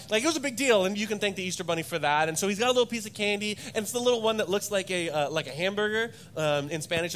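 A man in his thirties preaching a sermon as pastor, telling stories in a rambling, animated way and often repeating words. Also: high-pitched, slight background noise. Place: church stage.

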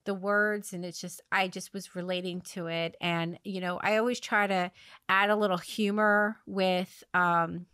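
Rambling woman podcast host, dark humor. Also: on the low side, steady tone, a little slow, smooth, no echo, clean studio sound. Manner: rambling, many fillers and restarts, laughs through dark humor. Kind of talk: casual conversational storytelling.

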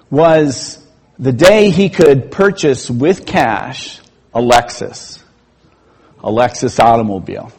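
A man preaching a sermon in a church, telling a story slowly and acting out the people in it. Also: fairly high pitch, a little hiss or hum. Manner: storytelling with acted-out quotes, slow and measured.

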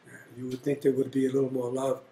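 An older man being interviewed, telling family stories in a blunt, animated way. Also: mid-range voice, quick pace. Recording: roomy echo.

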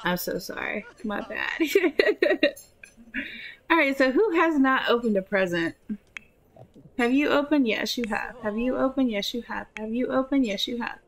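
Woman, casual gameplay commentary, fairly high voice, chatty, swears casually. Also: lively intonation, measured pace. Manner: chatty, swears casually, talks to her characters. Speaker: gameplay streamer.

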